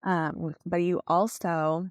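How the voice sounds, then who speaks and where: Podcast host, woman, lowish voice, coaching delivery, dry close sound. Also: little pitch movement, slow pace, no room sound. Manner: coaching tone, asks listeners to check understanding; uses many "like" fillers. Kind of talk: solo podcast teaching.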